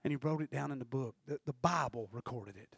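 A man preaching a sermon, fervent and storytelling, swinging from shouted bursts to hushed passages. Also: medium pitch, a little fast, gravelly, breathy edge, dry recording.

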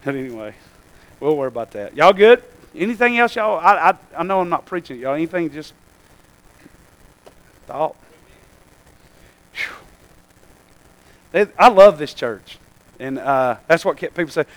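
A man's voice: fairly high pitch, animated, unhurried, long pauses, low-quality recording. A middle-aged man preaching and giving church announcements in a folksy, rambling way, often calling out to his congregation. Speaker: pastor.

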